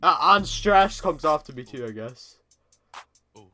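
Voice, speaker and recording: A man's voice: on the high side, lively intonation, unhurried, pushed and bright, faint music behind. A teenage boy doing casual reaction commentary as host, stammering and repeating words, laughing often.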